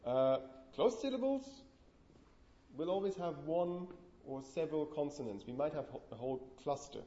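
A man's voice: fairly high pitch, lively intonation, moderate pace, mellow. A man giving a university lecture on linguistics, explaining step by step and putting questions to the class. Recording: echoey, dull lecture room recording.

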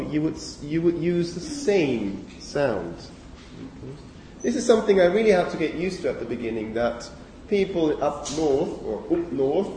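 A man's voice: fairly high pitch, dark tone, slight background noise. A man giving a university phonetics lecture, explaining step by step and checking in with students with frequent "okay"s. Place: large lecture hall. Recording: echoey lecture hall from a distance.

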